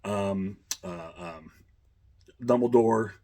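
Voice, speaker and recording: A man's voice: on the low side, drawn-out words, crowd noise. A man hosting a casual chat, rambling with many fillers and chuckles. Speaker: host.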